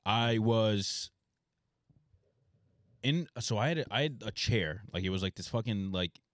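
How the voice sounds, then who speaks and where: A man's voice: lowish voice, lively intonation, measured pace, no echo. A man in his twenties, co-hosting a podcast, rambling profanely with lots of "like". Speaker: podcast co-host. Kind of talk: casual chat.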